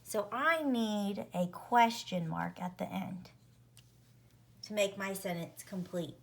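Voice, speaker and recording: A woman teacher runs an early-reading spelling lesson, deliberately sounding out words and letters. Her voice is medium in pitch and animated.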